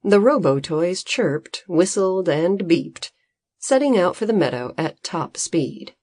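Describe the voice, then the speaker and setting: A woman reading a storybook aloud, her fairly low voice rising and falling expressively. She takes her time over each phrase, recorded close and dry. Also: no room sound. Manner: expressive, unhurried. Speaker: narrator.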